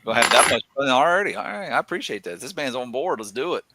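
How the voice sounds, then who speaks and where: A man's voice: medium pitch, animated, fast, very noisy. A man hosting a casual group chat about collectibles, teasing and joking with the others. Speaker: podcast host.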